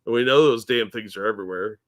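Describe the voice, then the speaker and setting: A man's voice: on the low side, fast talker. A man co-hosting a casual podcast, easygoing, agreeable and joking. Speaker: podcast co-host.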